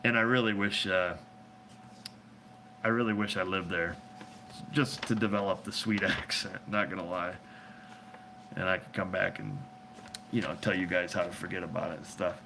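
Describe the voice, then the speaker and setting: Rambling, jokey man with a low voice. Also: steady tone, normal speed, pauses often, noisy background. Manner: rambling, joking, laughs often. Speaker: host answering viewer questions. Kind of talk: casual live chat. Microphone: phone.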